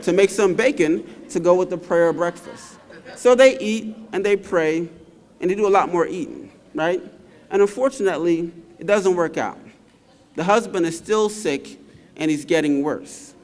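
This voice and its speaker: A man's voice: sits high, measured pace. A man giving a graduation speech, telling stories and checking in with the crowd with frequent tag questions. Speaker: commencement speaker. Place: large hall. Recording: reverberant large hall.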